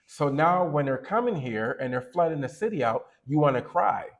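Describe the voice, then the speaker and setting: A man's voice: on the high side, animated, moderate pace. A man co-hosting a podcast, giving opinionated casual commentary that rambles and corrects itself as he goes. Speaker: podcast co-host.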